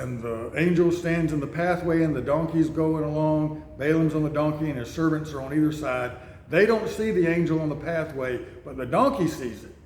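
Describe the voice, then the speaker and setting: Male storyteller, casual sermon, slightly high voice, roomy reverb. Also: a little mellow. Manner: rambling, conversational storytelling. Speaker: speaker. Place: church building. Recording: echoey room, faint noise.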